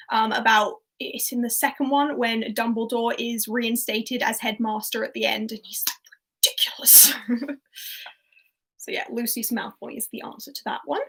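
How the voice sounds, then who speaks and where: A woman's voice: fairly high pitch, fairly bright tone, poor audio. A young woman hosting a livestreamed quiz in a casual, chatty way. She laughs often and reads questions out, then repeats them. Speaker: quiz host.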